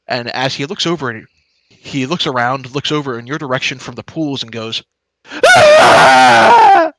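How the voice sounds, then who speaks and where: A man's voice: medium pitch, bright, forceful tone, no echo. A man narrating as game master of a tabletop game, describing scenes in a casual way with fillers.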